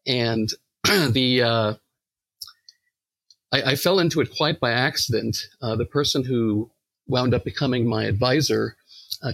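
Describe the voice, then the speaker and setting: A middle-aged man from Long Island, New York, a professor guest on a podcast, telling stories in a relaxed way with many fillers. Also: mid-range voice, vocal fry, no echo. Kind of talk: podcast interview.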